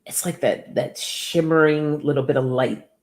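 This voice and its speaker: A woman's voice: low-pitched, normal speed, darkish tone. A woman giving casual oracle card readings to viewers by name, chatty and upbeat, laughing often.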